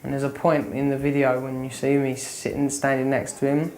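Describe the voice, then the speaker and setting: A man's voice: mid-range voice, completely flat delivery, a little fast, a little mellow. A young man in a pop band, musing offhandedly about his career in an interview. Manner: musing, offhand, trails off with "I suppose". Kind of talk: interview talk. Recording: music playing behind. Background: faint music.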